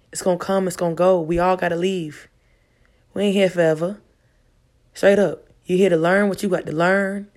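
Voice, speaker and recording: Woman preaching self-love, emphatic and profane. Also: lowish voice. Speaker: vlogger. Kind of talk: casual motivational monologue.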